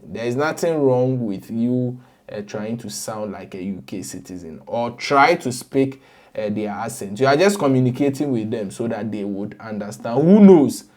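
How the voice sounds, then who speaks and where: A man with a Ghanaian accent hosts a casual entertainment gossip show. He talks in a chatty, code-switching way full of animated asides. His voice sits at an average pitch. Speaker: entertainment news host. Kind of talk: casual gossip commentary mixing English and Twi.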